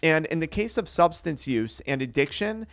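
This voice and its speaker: A man's voice: a little high, animated, moderate pace, creaky, fairly bright tone, dry recording. A young man, an addiction recovery coach, giving an earnest motivational talk that explains step by step. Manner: earnest, explanatory, acts out quoted voices.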